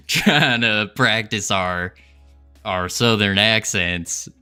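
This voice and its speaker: A man's voice: lowish voice, slow pace, bright, forceful tone, clear, resonant tone, faint music behind. A man chatting casually on a game development livestream, playful and joking with his chat, laughing often.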